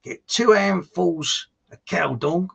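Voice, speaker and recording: A man voicing rough, knowing farm labourers giving folksy advice. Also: high-pitched, slow pace, a bit bright, voice pushed up, heavily acted. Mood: advising.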